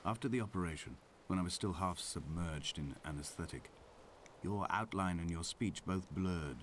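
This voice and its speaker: A man voicing a haunted, grieving narrator in a game, speaking slowly and poetically in measured scripted narration. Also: sits low, a little hiss or hum, lightly acted. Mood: brooding. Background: loud music.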